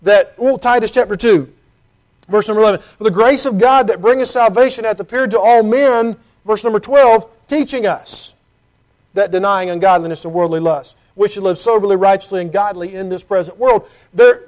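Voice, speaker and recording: Male preacher with a high voice, earnest and chatty in the pulpit, reads scripture aloud, keeps asking the room questions. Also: moderate pace, darkish tone. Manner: earnest, conversational, with rhetorical questions; reads scripture in King James wording. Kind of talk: sermon.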